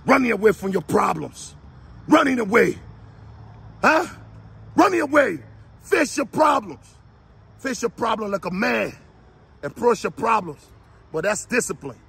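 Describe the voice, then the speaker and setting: A male motivational speaker with a high, raspy, gravelly voice delivers a fiery speech, shouting repeated exhortations like a preacher.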